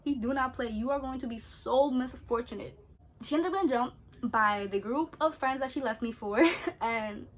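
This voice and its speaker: A young woman, chatting in an animated, slangy way as she tells a story during her skincare routine. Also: fairly high pitch, slight background noise. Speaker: beauty vlogger.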